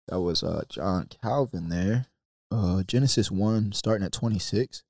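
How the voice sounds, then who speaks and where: A man's voice: deep voice, unhurried, gravelly, a little mellow, no echo. Young guy preaching hard on a podcast, says bro a lot, dry close mic. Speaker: podcast co-host. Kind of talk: passionate faith discussion.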